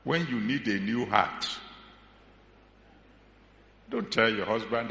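A man's voice: on the low side, animated, sharp tone. A man preaching a sermon with humor, stretching words for emphasis. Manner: humorous, drawn-out emphatic delivery. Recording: echoey hall with faint ambience.

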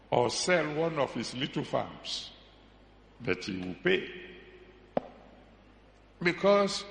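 A man's voice: fairly high pitch, creaky. A man preaching a sermon with humor, stretching words for emphasis. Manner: humorous, drawn-out emphatic delivery. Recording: echoey hall with faint ambience.

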